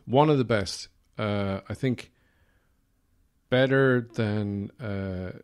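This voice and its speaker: The Irish podcast host talks slowly in a smooth, darkish, lowish voice. His casual monologue is wry and comedic, meandering along with plenty of fillers.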